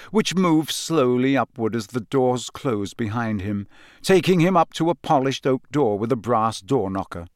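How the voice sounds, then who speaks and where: A man narrating a storybook with an expressive reading. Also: medium pitch, dry recording, clean studio sound. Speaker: audiobook narrator.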